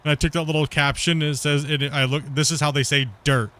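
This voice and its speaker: A man's voice: fairly high pitch, level tone, fast talker, pushed and bright. A man chatting casually while streaming a game, rambling, repeating himself and laughing easily. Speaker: gaming streamer. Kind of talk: casual chat while playing.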